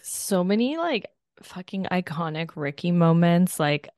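Casting note: young adult woman, lower voice, close and dry, chatty and profane. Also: animated, a little slow, darkish tone, no echo. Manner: laughs a lot, profane and chatty. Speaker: podcast co-host. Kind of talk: casual chat.

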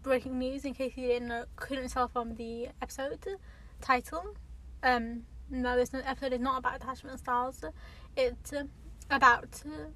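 A young woman hosts her own podcast from a parked car in a car park near an airport, faint airplane noise behind her. Her voice sits high with fairly even intonation, pushed and bright at normal speed, and the recording is rough. She chats casually in a solo ramble full of fillers and self-corrections.

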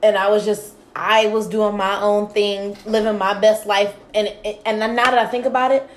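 A woman's voice: medium pitch, little pitch movement, normal speed, slight background noise. A woman in her twenties hosting a podcast chat with friends, blunt and profane, who repeats herself to hold the floor. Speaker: podcast host. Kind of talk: casual chat among friends.

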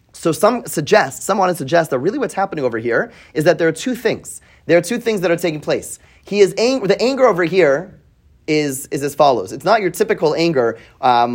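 A man teaching a weekly Bible class to students in a classroom. He reads Hebrew verses and translates them, asks questions, often adds "right?", and repeats words as he thinks aloud. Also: high-pitched. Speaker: Torah teacher.

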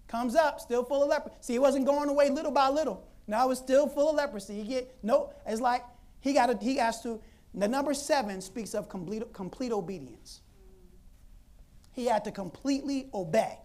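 A woman preacher telling a Bible story in an animated, conversational sermon, laughing often. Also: high voice, normal speed.

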